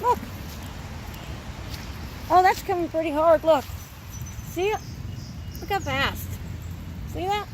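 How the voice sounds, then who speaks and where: A woman's voice: very high voice, takes it slowly, pauses often, a little mellow, a little hiss or hum. Upset woman filming her flooded yard. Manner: upset and exasperated, repeating "look". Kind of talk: phone video walk-through, complaining. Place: outdoors in a flooded, rainy back yard. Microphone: handheld phone.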